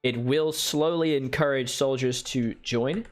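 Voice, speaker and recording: At a measured pace and medium pitch, this man streams a strategy game, casually explaining what he's doing. Viewer messages get answered, and he slips in lighthearted side comments.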